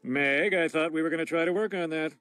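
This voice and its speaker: An actor voicing an awkward middle-aged male school principal in a cartoon, with a dry, deadpan delivery. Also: fairly high pitch, brisk, natural voice. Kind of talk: cartoon voice acting.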